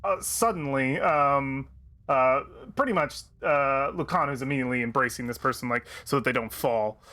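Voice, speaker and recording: A man narrating as game master, halting with many fillers and restarts. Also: mid-range voice, pushed and bright.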